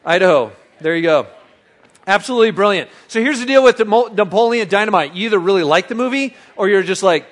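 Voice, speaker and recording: Lively high-voiced male preacher. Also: quick pace, a faint crowd. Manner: lively, playful audience banter, drops to a soft reflective tone. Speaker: pastor. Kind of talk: sermon.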